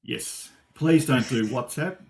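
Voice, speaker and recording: An Australian man answering interview questions casually, lively and animated, getting worked up as he tells stories. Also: medium pitch, slow, gravelly, noisy background. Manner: animated storyteller, gets worked up. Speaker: guest, supplier sales manager.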